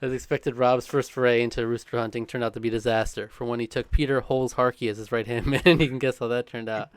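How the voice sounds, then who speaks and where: A man reads a countdown script at a quick clip, now and then breaking into a chuckle. His voice is smooth and crisp, and the recording is dry and close, with no room sound. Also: medium pitch, little pitch movement, no echo. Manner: brisk, chuckling between lines. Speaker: co-host reading a countdown. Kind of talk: scripted read with casual chat.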